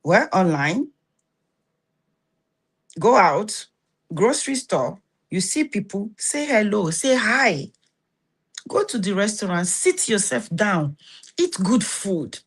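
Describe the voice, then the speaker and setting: A woman's voice: medium pitch, sing-song, slow pace, long pauses, husky. A middle-aged woman with a Nigerian accent hosting a motivational self-help talk, giving blunt, scolding advice and often asking if you understand. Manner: blunt, scolding advice with rhetorical check-ins. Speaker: host.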